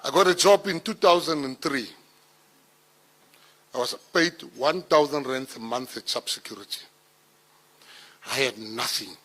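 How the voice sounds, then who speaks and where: A middle-aged South African man giving a speech, telling personal stories and acting out the dialogue, rising loud at the punchlines. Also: medium pitch, a little slow, pauses often. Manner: animated storyteller, acts out dialogue, gets loud at punchlines. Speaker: minister giving a keynote speech. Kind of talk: storytelling speech to an audience.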